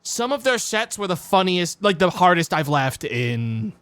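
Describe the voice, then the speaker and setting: A man chatting on his stream, telling a story in an animated, swearing rush. His voice sits a little high, and the sound is dry and close. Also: a little slow, clean tone, dry recording. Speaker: streamer host. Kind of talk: casual chat on stream.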